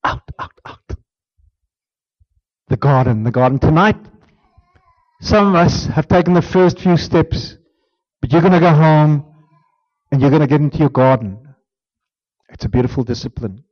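A man preaching a sermon as pastor, swinging from emphatic declarations down to hushed near-whispers. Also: fairly high pitch, normal speed, long pauses, lo-fi sound.

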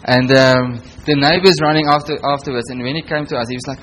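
A middle-aged man preaches in a relaxed, conversational tone, telling personal stories to a small congregation. His voice sits at an ordinary pitch, with a faint hum of room ambience behind him. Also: quick pace, hardly any pauses, rough recording. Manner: storytelling with quoted voices, conversational. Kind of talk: sermon.

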